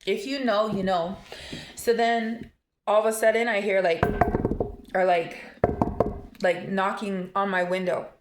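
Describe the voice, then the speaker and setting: A woman's voice: medium pitch, little pitch movement, a little slow, pauses often, very noisy. Emotional rambling woman in an echoey room. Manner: emotional, rambling storytelling with many fillers and restarts. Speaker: vlogger. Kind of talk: casual storytime vlog.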